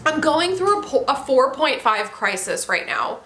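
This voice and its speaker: A woman's voice: sits high, very animated, normal speed, bright, forceful tone, slight background noise. A woman casually reviewing books on her channel, gushing and candid and swearing freely. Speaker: book reviewer. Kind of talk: casual book review vlog. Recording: echoey room.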